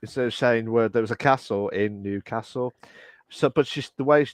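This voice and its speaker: A man co-hosts a podcast in easy, teasing chat. His voice is mid-pitched and recorded dry and close. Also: moderate pace, dry recording. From English Midlands. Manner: teasing, quizzing the other host on pronunciation. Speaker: podcast co-host. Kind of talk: casual chat.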